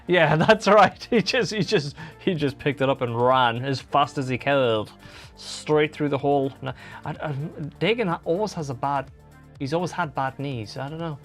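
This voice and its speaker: A man's voice: a little high, moderate pace. A man hosting a casual livestream, rambling chattily and answering chat messages while he plays guitar. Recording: guitar playing behind the voice.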